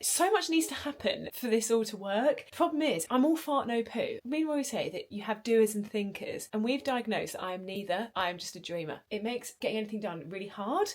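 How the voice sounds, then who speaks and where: A woman's voice: medium pitch, a little mellow. A young woman, chatting casually to camera at home. She rambles between topics and pokes fun at herself. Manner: chatty, rambling, self-deprecating. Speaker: vlogger. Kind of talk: casual chat. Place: at home, indoors.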